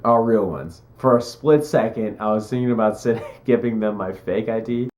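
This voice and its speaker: A man's voice: on the low side, normal speed, a little mellow. A young man vlogging, telling a story in a chatty, joking way and acting out what people said. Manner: chatty, joking, acts out quotes. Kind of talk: casual storytelling.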